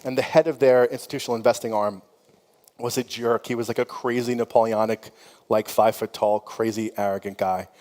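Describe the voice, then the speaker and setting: A man's voice: medium pitch, steady tone, a little fast, a little mellow. A middle-aged man speaking on a conference panel, telling frank, conversational stories with plenty of "you know" and laughter. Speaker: company founder on a conference panel. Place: conference hall. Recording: long hall reverb.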